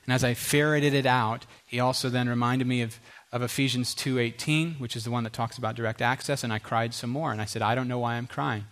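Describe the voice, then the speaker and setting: A middle-aged male pastor preaching with emphatic repetition, sometimes dropping to a quiet hush. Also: mid-range voice, fairly even intonation, fairly quick, few pauses. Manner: earnest, emphatic, repeats phrases, drops to a quiet hush. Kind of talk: sermon.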